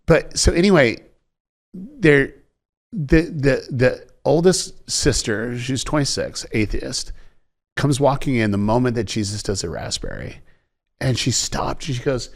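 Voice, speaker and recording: A man's voice: medium pitch, lively intonation, unhurried, gravelly. A man guest in an interview, telling a story with energy, acting out quoted voices and often repeating words. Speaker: executive producer guest.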